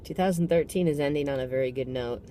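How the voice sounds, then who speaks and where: A man in his thirties giving a heartfelt personal vlog reflection, pausing to count and correct himself. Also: medium pitch, dark tone, slight background noise. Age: 30s.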